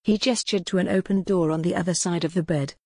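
A woman reading a gothic novel aloud as the audiobook narrator, in a measured, dramatic storytelling manner. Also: fairly low pitch, steady tone, darkish tone, husky, dry recording, clean studio sound. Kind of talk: scripted narration.

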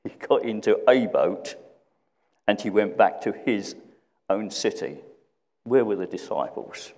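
Guy preaching, low voice, thoughtful, lots of repeated questions, long hall echo. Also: animated, unhurried. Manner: reflective, asks repeated questions, drops to a hush. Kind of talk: sermon.

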